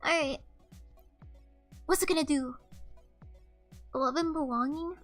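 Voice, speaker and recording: A woman's voice: sits high, takes it slowly, faint music behind. A young woman streaming live, chatting casually and reading chat messages aloud in a playful, self-mocking way.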